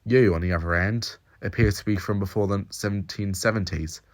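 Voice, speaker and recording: A man's voice: on the low side, brisk, no room sound, clean studio sound, natural voice. A man voicing a smug young man from the future with a thick Cockney accent, casual and self-assured.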